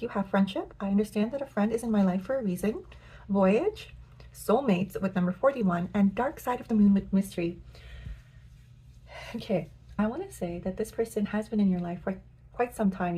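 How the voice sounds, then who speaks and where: Soft-spoken woman giving a tarot reading. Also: medium pitch, breathy edge. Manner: gentle, affirming, many "like" fillers. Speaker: tarot reader. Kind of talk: pick-a-card tarot reading.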